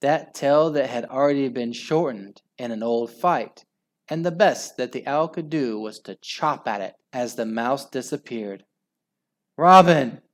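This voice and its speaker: A man reading a children's book aloud with slow, expressive storytelling. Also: mid-range voice. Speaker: storybook reader.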